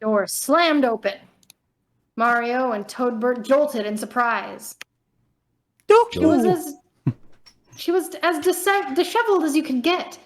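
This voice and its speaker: A woman narrating fan fiction, slightly high. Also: animated, slow pace, pauses often, a little hiss or hum. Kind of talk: reading fan fiction aloud, casual.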